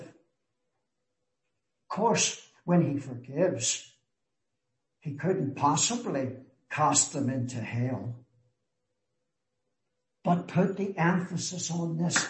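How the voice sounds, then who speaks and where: A man preaching a sermon in a slow, earnest way, with emphatic rises on key words. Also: fairly high pitch. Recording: echoey room.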